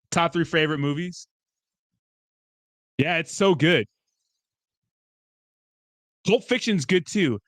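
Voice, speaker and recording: A young man chatting casually as a streamer, rambling and excitable, swearing often and breaking into laughs. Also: fairly high pitch, slow pace, long pauses, dry recording, studio quality. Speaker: crypto streamer. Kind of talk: casual chat.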